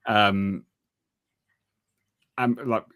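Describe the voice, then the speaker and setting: A man co-hosting a casual football podcast, talking in a wry, halting way with frequent restarts. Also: lowish voice, steady tone, a bit bright, clean tone. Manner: wry, hesitant, trails off and restarts. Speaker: podcast co-host.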